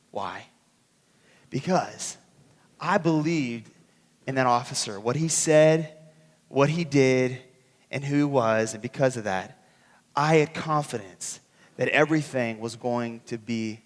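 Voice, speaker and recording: A male pastor preaching a sermon, telling a personal story with lively acted-out dialogue. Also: medium pitch. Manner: animated storytelling, acts out dialogue. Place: church sanctuary. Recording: church hall reverb.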